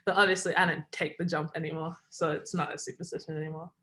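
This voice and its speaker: A woman's voice: sits low, flat delivery, fast, fairly bright tone. A young Australian woman, a college basketball player, chatting casually on a video call, full of "like" fillers and laughing often. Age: young adult. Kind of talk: casual remote interview.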